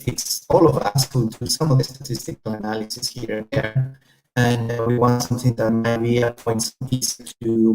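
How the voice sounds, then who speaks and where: A man's voice: mid-range voice, rough recording. A man presenting in an online workshop, speaking hesitantly with many fillers.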